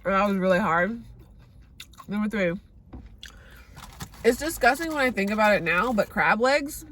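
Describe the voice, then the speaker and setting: A woman's voice: medium pitch, lively intonation, moderate pace, fairly bright tone, slight background noise. A woman in her thirties from the Bay Area, chatting casually and candidly in a vlog, swearing freely. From San Francisco Bay Area. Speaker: vegan vlogger.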